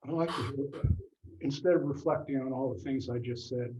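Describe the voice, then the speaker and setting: A man's voice: mid-range voice, normal speed, warm tone, a little hiss or hum. An older man in frank, unguarded casual conversation, speaking plainly and sometimes swearing for emphasis. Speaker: guest. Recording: dull lo-fi sound.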